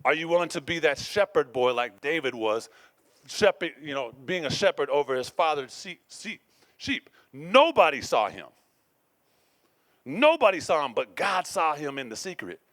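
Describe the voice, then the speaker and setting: Man preaching, higher voice, dry sound. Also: normal speed, no room sound. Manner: call-and-response preaching, swings between loud and hushed. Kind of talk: sermon.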